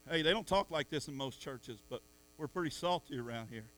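A middle-aged man preaching a sermon in church, swinging from soft asides to loud calls at the congregation. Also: a little high, expressive, a little fast. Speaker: pastor.

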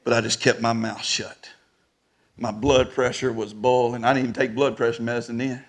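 A man preaching a storytelling sermon, animated and rising to shouts at the peaks. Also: mid-range voice, normal speed.

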